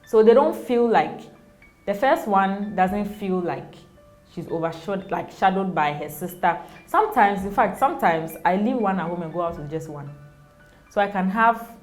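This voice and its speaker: A woman's voice: mid-range voice, animated, normal speed, faint music behind. A young Ghanaian mother in a casual interview, speaking animatedly, often laughing and acting out quoted voices. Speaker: interview guest, mother of two.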